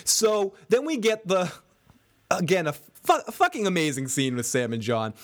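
A man's voice: high-pitched, big pitch swings, normal speed. A man co-hosting a casual recap podcast, swearing freely, laughing often and reading listener comments aloud. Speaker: podcast co-host.

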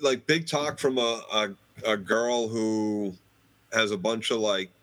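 A man's voice: on the low side, steady tone, slow pace, fairly bright tone. A man co-hosting a casual recap podcast, throwing in dry, sarcastic, profane comments. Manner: dry, sarcastic interjections, swears. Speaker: podcast co-host.

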